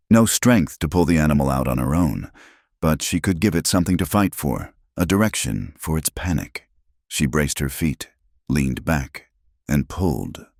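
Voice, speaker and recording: A man narrating a scripted western tale in a measured, dramatic reading style. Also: rumbling low, vocal fry, darkish tone, no room sound, clean studio sound.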